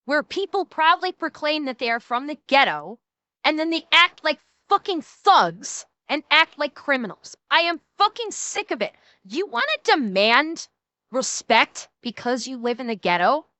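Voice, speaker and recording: A woman's voice: sits high, very animated, moderate pace, sharp tone, no echo. A woman streamer in a heated, profane live reaction rant, talking into a desk microphone. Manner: angry, profane, heated ranting.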